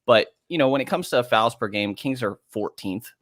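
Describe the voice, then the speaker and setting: A man's voice: mid-range voice, animated, moderate pace, a bit bright, dry recording, clean studio sound. A man on a sports radio show, talking through the game in a casual, analytical way. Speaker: podcast host guest.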